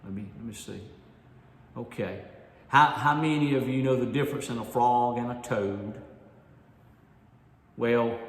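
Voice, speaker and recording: Animated male storyteller in an echoey hall. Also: mid-range voice. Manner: animated, audience-engaging storyteller. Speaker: speaker at a volunteer leader conference. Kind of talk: storytelling to an audience. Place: large hall. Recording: echoey hall with long reverb.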